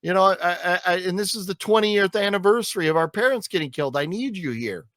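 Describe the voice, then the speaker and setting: A grieving grown brother begs his sister to come home, whiny and pleading, as a man acts him out, pitched a touch above a normal male voice. The delivery is dry and close, with lively swings in pitch. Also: fast, no echo.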